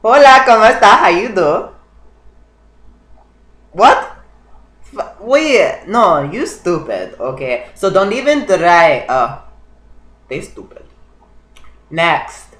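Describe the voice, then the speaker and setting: A man's voice: high-pitched, very animated, takes it slowly, long pauses, a bit bright, reverberant, exaggerated voice, rough recording. A man voicing a comic character who speaks broken English with Spanish greetings, chatting with strangers on a video chat.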